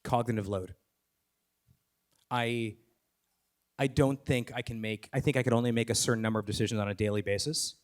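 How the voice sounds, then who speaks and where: A man talking onstage as a podcast host, enthusiastic and rapid, with many fillers, restarts and the odd swear word. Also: medium pitch, steady tone. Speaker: podcast host and guest speaker. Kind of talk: live onstage conversation.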